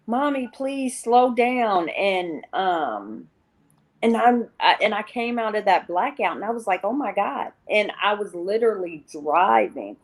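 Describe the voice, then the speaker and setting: A woman's voice: mid-range voice, animated, measured pace. A woman guest on an interview show, telling her personal recovery story in a candid, rambling way and often quoting herself.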